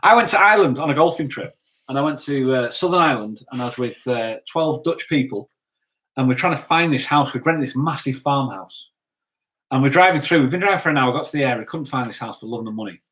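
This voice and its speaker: A man's voice: medium pitch, expressive, fast, fairly bright tone. A man hosting a casual live stream, reading out viewer comments in a chatty, upbeat way. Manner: chatty, upbeat, laughs easily.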